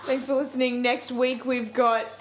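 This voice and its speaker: A woman hosting a community radio show, relaxed and leading the segment, reading out listener feedback. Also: fairly high pitch, moderate pace, a little hiss or hum. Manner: relaxed, runs the segment and reads out listener feedback and station idents. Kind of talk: casual radio chat.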